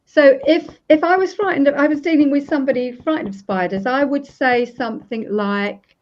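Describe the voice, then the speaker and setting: A woman's voice: high voice, normal speed. A woman in her fifties, a practitioner being interviewed, explaining her technique and acting out sample self-talk as she goes. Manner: demonstrative, acts out sample self-talk while tapping. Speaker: EFT practitioner, guest. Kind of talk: casual interview. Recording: dull lo-fi recording.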